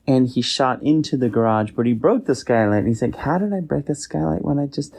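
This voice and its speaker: A man voicing a curious, excitable young male raccoon in a bedtime story, with breathless, wide-eyed exclamations. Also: medium pitch, a little fast, creaky, voice pushed up. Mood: alarmed.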